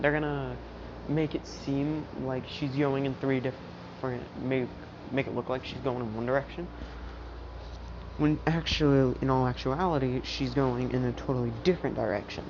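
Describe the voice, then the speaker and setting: A man's voice: medium pitch, background noise. A young man casually telling a fan-made story, rambling along with restarts and "you know"s, on a dull lo-fi recording. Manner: rambling, lots of fillers and restarts.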